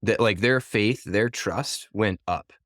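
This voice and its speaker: A man's voice: low-pitched, normal speed, dry recording, clean studio sound. A man co-hosting a podcast who reflects on a Bible passage in a thoughtful, searching way and sometimes hesitates. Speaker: podcast co-host. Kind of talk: conversational Bible discussion.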